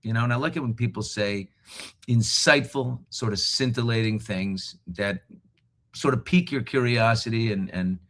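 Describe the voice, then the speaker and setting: A middle-aged man chatting on a live video call from a hotel room, joking and often laughing. His voice is bright and forward, with a casual, animated delivery. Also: mid-range voice, moderate pace. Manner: jokey, animated, laughs a lot. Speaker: host. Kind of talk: casual live show chat.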